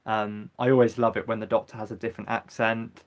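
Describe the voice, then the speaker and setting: A man's voice: on the low side, flat delivery, a little fast. A young man from England hosting a livestream, chatting casually and answering viewer comments in a rambling, hesitant way with many ums. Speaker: livestream host.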